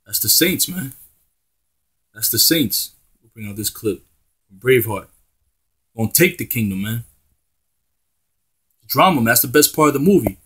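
Husky slangy man preaching scripture. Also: mid-range voice, lively intonation, moderate pace, long pauses, a bit bright. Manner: emphatic, profane and slangy between verses. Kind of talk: scripture reading with street-talk commentary.

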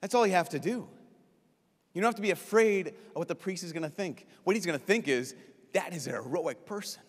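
A priest giving a lively, joking talk at a youth conference, acting out quick voices as he goes. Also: high voice. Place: large conference hall. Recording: long reverb of a large hall.

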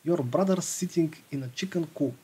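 A man voicing a wicked old woman witch from a storybook in his own husky reading voice. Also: fairly high pitch, moderate pace, dark tone. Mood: bossy.

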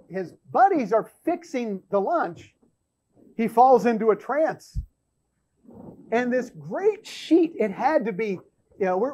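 Slow, emphatic man teaching scripture. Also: sits high, a little mellow, poor audio. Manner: emphatic, repeats words while thinking aloud. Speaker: church show host. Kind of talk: Bible teaching.

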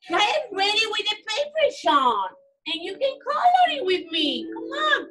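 Woman, preschool teacher, animated, praising, bright tone, distant mic. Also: extremely high pitch, normal speed, faint music behind. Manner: animated, coaxing and praising, simple non-native-sounding phrasing. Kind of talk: online class instructions to young children.

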